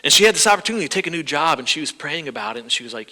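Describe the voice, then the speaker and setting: A male pastor preaching a sermon in a church, animated, his voice rising as he acts out people's prayers. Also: fairly high pitch, racing, hardly any pauses. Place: church sanctuary. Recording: reverberant church hall.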